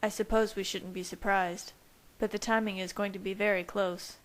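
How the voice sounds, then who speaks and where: A woman's voice: mid-range voice, little pitch movement, normal speed, close to an everyday voice. A woman voicing a brooding young male vampire who speaks in a restrained, earnest way.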